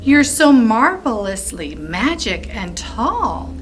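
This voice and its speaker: Eager young children from a picture book voiced by a woman plead and coax in a high, lifted voice. The pitch bounces around a lot, and the lines come out slow and careful. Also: sing-song, a little hiss or hum. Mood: pleading, excited.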